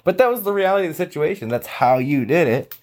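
A man's voice: a little high, fast talker. A man telling sales stories in a casual, chatty monologue as a coach, with many fillers, acting out the people he quotes. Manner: animated, chatty, lots of fillers, acts out quoted voices.

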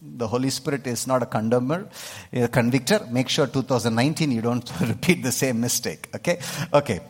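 A husky-voiced man with an Indian accent delivers a sermon, pressing his points and regularly checking in with the congregation. His voice rings out with a long reverb, as if heard in a large church hall. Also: mid-range voice, brisk. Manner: emphatic, keeps checking in with the congregation. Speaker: pastor.

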